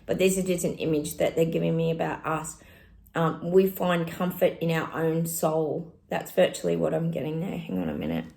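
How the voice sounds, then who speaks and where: Chatty woman with a creaky voice. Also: low voice, lively intonation, moderate pace, a little mellow. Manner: chatty and exclaiming, talks straight to viewers. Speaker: psychic channel host. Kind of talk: casual psychic reading to viewers.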